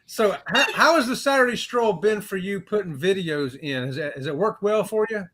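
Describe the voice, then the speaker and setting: A man from Florida co-hosting a livestream, easygoing and quick to laugh. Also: high voice, animated, fairly bright tone. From Florida, USA. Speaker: livestream co-host. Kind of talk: casual livestream chat.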